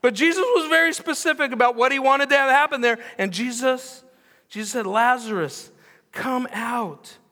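A man preaching a sermon as pastor, telling the story with animation, repeating phrases for emphasis and dropping to hushed tones. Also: extremely high pitch, brisk. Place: church sanctuary. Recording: long hall reverb.

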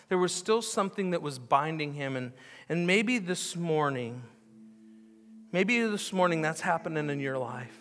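A man preaching from the pulpit with a high, bright and forceful voice. He tells the story with animation, repeats key phrases and now and then sinks to a hush. His voice rings through a long hall reverb in the church. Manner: animated storytelling, repeats phrases for emphasis, drops to hushed tones. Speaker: pastor. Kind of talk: sermon. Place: church sanctuary.

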